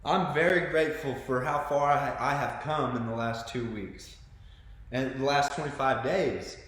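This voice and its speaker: A man, telling his own story in an earnest, excitable monologue full of restarts. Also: mid-range voice, measured pace. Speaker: vlogger sharing his story. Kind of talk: emotional personal monologue. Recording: very echoey room with long reverb.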